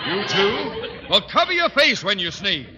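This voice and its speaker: A bossy, pompous principal who bellows and lectures in a 1940s radio sitcom. His voice sits high and swings widely up and down. It comes through a dull, hissy old broadcast recording. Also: very animated, measured pace, crowd noise. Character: blustering pompous middle-aged male school principal. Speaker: school principal.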